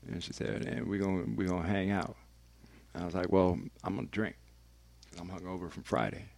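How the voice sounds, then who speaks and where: A man's voice: sits low, fairly even intonation, fairly quick, creaky, a little mellow, no echo. A man, a radio personality, telling a candid and emphatic personal story as a podcast guest, swearing freely.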